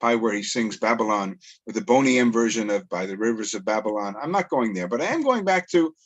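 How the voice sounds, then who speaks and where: A middle-aged man with a Canadian accent, lecturing an audience with animated storytelling, quotes and asides. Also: fairly low pitch, brisk, lo-fi sound. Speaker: educator.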